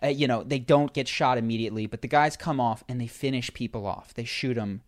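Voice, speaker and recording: Animated male storyteller in casual chat. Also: medium pitch, brisk. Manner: animated storyteller, many fillers and restarts.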